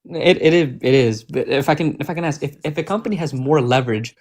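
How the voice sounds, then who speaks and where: A man's voice: a little high, fast, a little mellow. A man calling into a debate stream, often interrupting to ask for clarification. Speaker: caller. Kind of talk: debate call.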